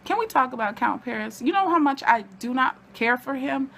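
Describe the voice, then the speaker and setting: A woman giving a casual, excitable TV episode recap from home, chatting to her viewers as y'all. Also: sits high, a little fast, gravelly, background noise. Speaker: TV recap vlogger.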